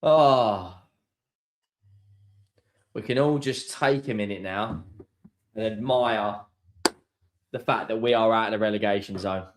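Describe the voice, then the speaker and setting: A young man hosting a live football watchalong, excitable and sweary, swinging between shouts and mutters. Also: on the low side, slow pace, pauses often. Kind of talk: live match watchalong reaction.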